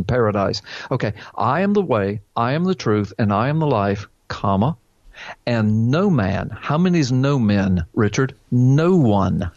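A man's voice: medium pitch, no room sound, dull audio. A man hosting a call-in show as a pastor, preaching emphatically, quoting scripture and asking rhetorical questions. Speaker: pastor answering a caller.

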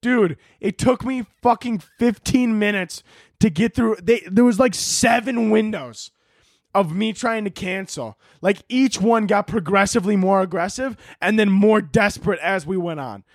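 A young man with a sore throat hosts a solo comedic podcast, telling stories in a profane, animated rant and shouting whenever he mimics other people. His voice sits high and moves at a moderate pace, recorded dry with clean studio sound.

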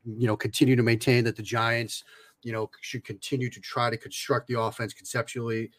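A man's voice: medium pitch, little pitch movement, brisk, fairly bright tone, dry recording. A man guesting on a podcast as a football film analyst, speaking in a friendly way, with frequent fillers and repeated words. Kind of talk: casual podcast interview.

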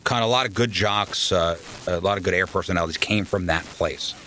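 A man's voice: deep voice, a little fast, slight background noise, poor audio. A man telling a long story in a casual interview, acting out the people he quotes. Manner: animated storyteller, acts out quoted voices. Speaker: radio host guest.

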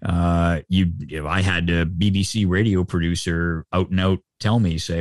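A middle-aged Canadian sportscaster, appearing as a guest, chats casually in an interview, rambling with lots of fillers and restarts. His voice sits low with a steady tone, moving at a moderate pace with few pauses, in a dry, studio-quality recording.

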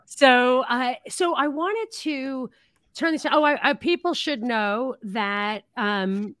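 A woman's voice: high voice, slow pace, fairly bright tone, dry recording. A woman hosting an interview show, chatting casually with many restarts and fillers. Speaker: podcast host.

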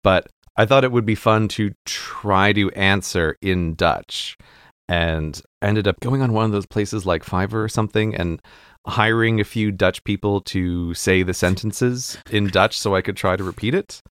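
American man, lowish voice, animated casual chat, laughs a lot, dry close mic. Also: measured pace, clear, resonant tone, no echo. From United States.

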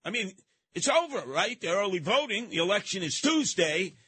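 A man hosting a talk radio show, delivering a brash, mocking monologue with frequent shouting and a New York accent. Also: high-pitched, big pitch swings, normal speed, slightly rough.

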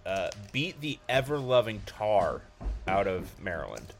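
Casual low-voiced male sports podcaster. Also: very animated, unhurried, soft background music. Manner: hesitant, many ums and restarts.

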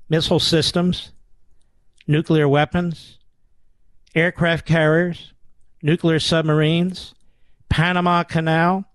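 A man's voice: a little high, no echo. A man hosting a talk radio show, arguing his points emphatically with rhetorical questions.

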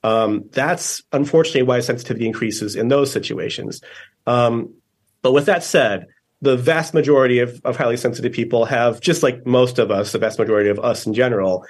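A man's voice: medium pitch, brisk. A man, a guest author in a podcast interview, explaining ideas patiently with frequent fillers and checking questions. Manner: thoughtful, explanatory, many fillers and "right?".

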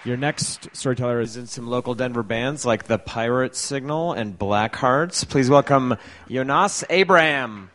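A man announces the next performer at a live show in short, plain phrases. He sounds far from the mic. Clear noise and clicks sit behind him. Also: medium pitch, normal speed. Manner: brief and announcing. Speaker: event emcee.

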